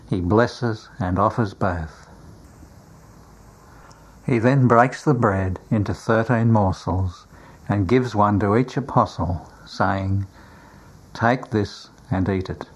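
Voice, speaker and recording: A man reading a religious story aloud in a grave, measured manner. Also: fairly low pitch, slightly rough. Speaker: narrator. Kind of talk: scripted religious narration, audiobook reading.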